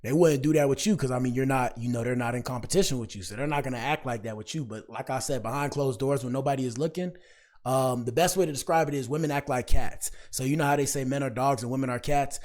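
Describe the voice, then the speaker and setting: A man's voice: medium pitch, fast talker, a little mellow. A young man giving casual, preachy reaction commentary in slangy talk, speaking straight to his viewers. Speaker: commentary streamer.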